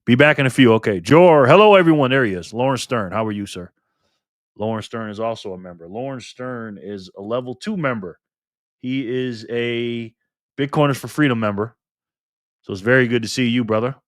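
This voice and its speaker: A man's voice: medium pitch, moderate pace, long pauses, no echo, studio quality. Friendly man hosting a live stream. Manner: friendly, chatty, greets viewers by name. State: recovering from illness. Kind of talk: casual live-stream chat, greeting viewers and reading chat aloud.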